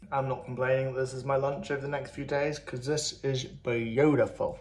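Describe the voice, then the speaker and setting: A man's voice: medium pitch, level tone, moderate pace, hardly any pauses, darkish tone. A man chatting casually and cheerfully through a cooking vlog, poking fun at himself. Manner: chatty, upbeat, self-deprecating. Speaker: vlogger.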